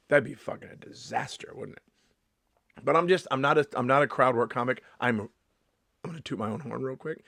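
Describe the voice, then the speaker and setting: A middle-aged male stand-up comedian talking casually to camera, animated and profane, often restarting his sentences. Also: mid-range voice, brisk, creaky, no echo, clean studio sound. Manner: animated, swearing, restarts a lot. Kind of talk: casual vlog monologue.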